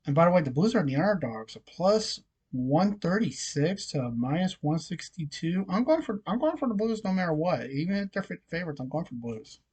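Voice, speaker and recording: Very animated and a bit quick, his medium-pitched voice is husky with a touch of mellowness. A hockey vlogger with a frog in the throat and a recurring cough, he reads out scores and odds and gives picks casually, using plenty of fillers.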